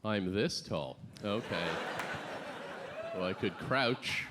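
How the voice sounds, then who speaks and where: A man doing a stand-up set with a halting, deadpan delivery full of fillers and restarts. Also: on the low side. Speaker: stand-up comedian. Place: comedy club stage before a live audience. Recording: loud crowd laughter and noisy club ambience.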